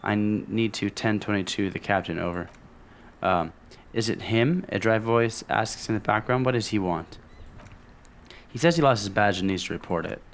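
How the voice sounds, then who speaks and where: Low gravelly-voiced man narrating gameplay. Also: normal speed, a little hiss or hum. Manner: reads on-screen text aloud between offhand remarks. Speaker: let's play host. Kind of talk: casual gameplay commentary reading game dialogue aloud.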